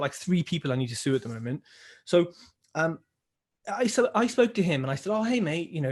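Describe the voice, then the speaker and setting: Young male co-host, slightly higher voice, casual anecdotal delivery with acted-out quotes. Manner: animated, swears, acts out others' lines. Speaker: podcast co-host. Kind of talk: casual storytelling chat.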